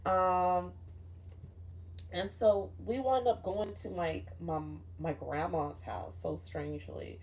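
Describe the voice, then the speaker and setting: A woman's voice: on the low side, lively intonation, slow pace, darkish tone. A young woman telling a dream story in a casual, rambling way, swearing often and saying "like" a lot. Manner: rambling, profane, frequent "like" fillers. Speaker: vlogger recounting a dream.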